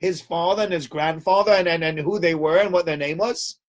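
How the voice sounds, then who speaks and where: A man voicing an exasperated male taxi driver who protests in disbelief, pushing his voice up high. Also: a little fast, lightly acted. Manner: incredulous, protesting.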